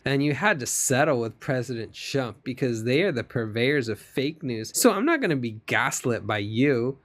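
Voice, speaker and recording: A man's voice: mid-range voice, fairly bright tone, lightly acted. A man voicing a combative woman commentator in a comedic dramatic reading, defiant and mocking, repeating her insults.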